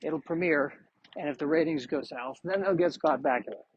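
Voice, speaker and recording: On his solo podcast, a man walks along a street sharing meandering, self-deprecating thoughts. His voice is on the high side and breathy-edged, moving at a moderate pace, in a muffled lo-fi outdoor recording.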